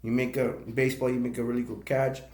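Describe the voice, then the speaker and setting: A man's voice: medium pitch, little pitch movement, fast talker, a little mellow. A man rambling emotionally through tears in a live stream monologue, repeating himself as he talks. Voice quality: gravelly. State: crying. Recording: echoey room.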